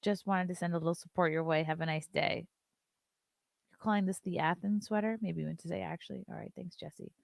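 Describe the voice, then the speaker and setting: A woman's voice: lowish voice, fairly even intonation, fairly quick, creaky, no room sound, studio quality. A woman hosting a live-stream show, chatting loosely, reading viewer messages aloud and swearing casually.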